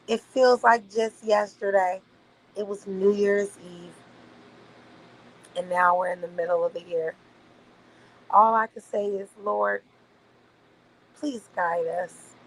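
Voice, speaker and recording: A woman's voice: mid-range voice, slight background noise, low-quality recording. A woman hosting a casual livestream, chatting loosely with her viewers and swearing freely. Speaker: livestream host. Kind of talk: casual late-night livestream chat.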